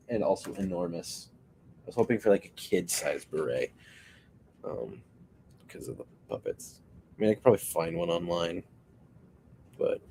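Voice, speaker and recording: A man's voice: low-pitched, darkish tone, slight background noise, poor audio. A man hosting a stream, chatting casually and joking with viewers while he builds a puppet. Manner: rambling, joking, answering chat. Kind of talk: casual chat while crafting.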